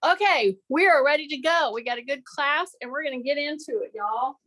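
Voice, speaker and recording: Chatty high-voiced woman fitness instructor. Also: a little fast, a bit bright, recorded from a distance, poor audio. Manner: chatty, laughing, elevated teaching voice. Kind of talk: online fitness class instruction. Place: fitness studio. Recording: voice from away from the mic.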